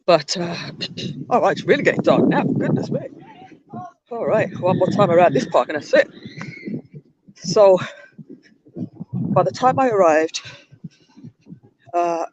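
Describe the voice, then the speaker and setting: Walking in a park during her livestream, a woman with a lowish voice tells a meandering story, often starting over mid-thought. She speaks at a measured pace with lively intonation and long pauses, and the lo-fi audio has a noisy background.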